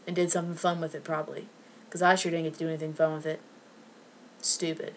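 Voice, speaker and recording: A woman in a fed-up rant, cursing and sarcastic as she vents to her viewers. Her voice sits on the low side. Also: flat delivery, fast talker, long pauses, slight background noise. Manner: angry, profane, sarcastic. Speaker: vlogger. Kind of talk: ranting to camera.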